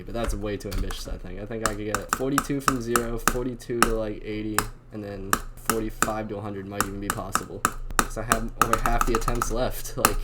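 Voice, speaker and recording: A young man giving excitable, slangy commentary on his own gameplay and talking to himself as he plays. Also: medium pitch. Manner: excitable, slangy, talks to himself while playing. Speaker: gaming channel host. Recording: loud clicking and keyboard noise. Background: constant mouse and keyboard clicks.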